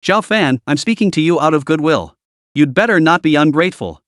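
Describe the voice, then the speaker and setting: A man's voice: fairly high pitch, lively intonation, brisk, a bit bright, no room sound, studio quality. A man voicing a scheming, arrogant middle-aged stepmother in an audiobook-style recap, coaxing one moment and icy the next. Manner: coaxing then icy, sly giggling.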